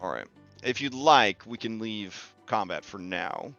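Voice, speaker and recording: A man narrating a tabletop game as its game master, easygoing and profane. His voice is bright and clean. The recording is a little dull, with soft music underneath. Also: lowish voice, lively intonation, creaky. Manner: casual, swears freely, quick asides.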